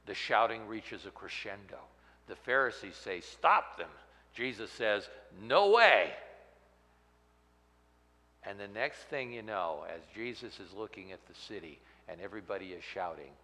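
A man preaching a sermon, swinging from loud outbursts to hushed, near-whispered lines. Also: low-pitched, big-room sound. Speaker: pastor.

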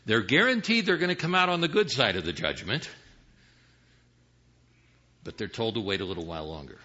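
A man preaching a sermon, teaching Bible passages with rhetorical questions, swinging from hushed asides to emphatic calls. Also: fairly low pitch, expressive, brisk, breathy edge. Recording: dull lo-fi sound.

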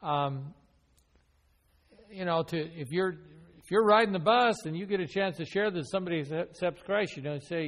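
A somewhat bright, high-sitting male voice at ordinary speed guides a church class on evangelism through teaching and role-play. Earnest yet conversational, he keeps questioning the group, all heard through long hall reverb.

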